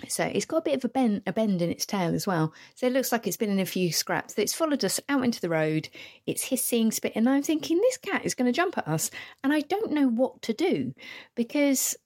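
A woman hosting a solo podcast, telling wry, sweary stories about her day. Her pitch swings widely and lively, and she slips into little acted-out voices for the people she quotes. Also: brisk. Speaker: podcast host. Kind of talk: casual solo podcast storytelling.

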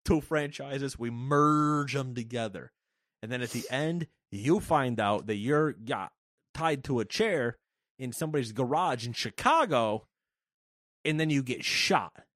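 A man's voice: mid-range voice, a little slow, dry recording, clean studio sound. A man co-hosting a casual gaming chat, ranting and swearing for laughs in a mock-executive bit. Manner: animated, profane, mock-ranting. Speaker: podcast co-host. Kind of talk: casual comedic chat about games.

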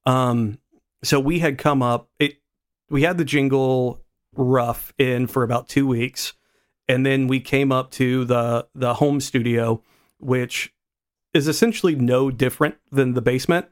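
A man's voice: medium pitch, fairly even intonation, unhurried, clear, resonant tone. A man co-hosting a podcast in casual chat, rambling and self-deprecating, with many restarts. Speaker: podcast co-host.

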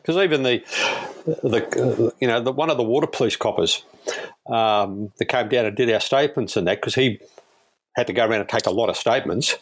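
Australian man, police air crewman, relaxed storyteller, average pitch. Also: fairly quick. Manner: anecdotal, chuckling, acts out quoted voices. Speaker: guest, police airwing crewman. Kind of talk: casual storytelling.

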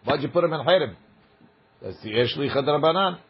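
A man's voice: on the high side, animated, brisk, slightly rough, lo-fi sound. A man teaching a Talmud class, reading the Aramaic text aloud and explaining it in casual English.

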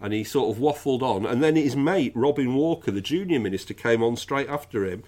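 A man's voice: mid-range voice, animated, brisk, darkish tone. A man hosting a podcast, chatting casually about politics in a jokey, rambling way. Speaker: podcast host.

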